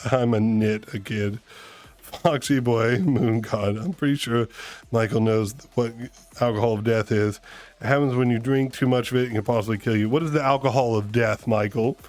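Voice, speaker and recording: A man's voice: medium pitch, moderate pace, a little mellow. A man hosting his live stream, telling rambling, self-mocking stories in a playful, casual way. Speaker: streamer host. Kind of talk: casual storytelling chat.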